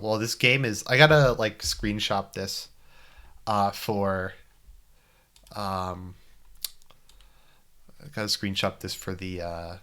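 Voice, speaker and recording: A man with a bright, ringing tone chatting as he streams a visual novel. He rambles in loose, self-mocking asides, often trailing off mid-thought. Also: on the low side, fairly even intonation, takes it slowly, long pauses. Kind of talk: casual gaming commentary.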